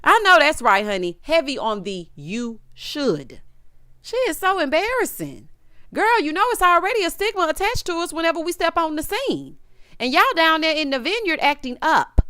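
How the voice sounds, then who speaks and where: A woman's voice: very high-pitched, very animated, fairly quick, sharp tone, dry recording, clean studio sound. A woman giving a sassy, casual recap of a reality TV episode, mimicking the cast in changing voices.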